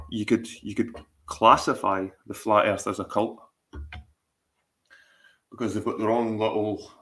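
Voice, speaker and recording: A middle-aged Scottish man talks casually to his livestream viewers in a slightly low voice. He rambles and repeats himself, swearing often as he talks. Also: a bit bright. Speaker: livestream host.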